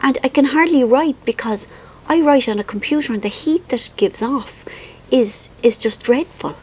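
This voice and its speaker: Irish woman, casual to-camera chat, wilting in the heat, wry and rambling, slightly high voice. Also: moderate pace, darkish tone, slightly rough. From Ireland. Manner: chatty, rambling, self-mocking, with frequent ums. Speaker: vlogger.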